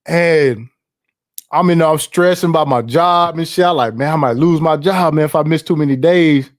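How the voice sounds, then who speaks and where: A man's voice: fairly high pitch, moderate pace. A middle-aged man hosting a livestream, reading chat and telling stories in a loose, profane way, laughing often and repeating himself.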